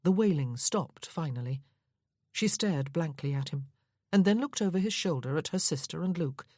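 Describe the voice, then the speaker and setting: Low, husky woman reading a romance. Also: animated, moderate pace, darkish tone, no room sound, studio quality. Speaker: audiobook narrator. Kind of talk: reading a Regency romance novel aloud.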